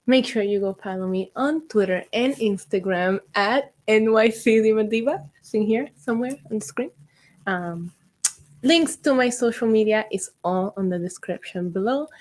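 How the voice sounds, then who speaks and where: A young woman from Puerto Rico hosting her own vlog, chatting and telling a spooky story in an excitable way, with ums and asides. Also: mid-range voice, normal speed. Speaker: YouTube host.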